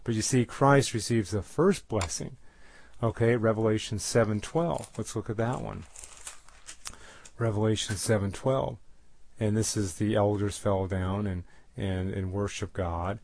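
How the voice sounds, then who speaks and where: A man's voice: lowish voice, fairly even intonation, normal speed, creaky, a little mellow, no echo. A man preaching a bible study sermon, reading verses aloud with stressed words and adding plain explanations with fillers.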